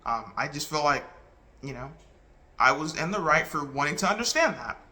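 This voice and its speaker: A man talking casually to the camera, recounting a falling-out in an earnest, halting way with many restarts. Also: fairly high pitch, lively intonation, bright, forceful tone. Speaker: vlogger.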